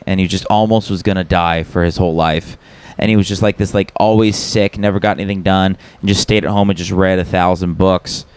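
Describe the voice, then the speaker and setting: A man with a fairly low voice co-hosting a casual comedy podcast. He rambles loosely, drops curse words and laughs a lot as he talks. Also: fairly even intonation, fast talker, a little mellow, clear, resonant tone. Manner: rambling, swearing, frequent laughter. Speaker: podcast co-host.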